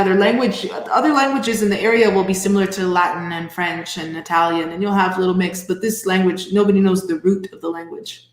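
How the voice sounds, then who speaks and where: A woman's voice: mid-range voice, reverberant. A woman talking as a guest fiddler and music teacher in casual chat, laughing often as she speaks. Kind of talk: casual chat on a live show.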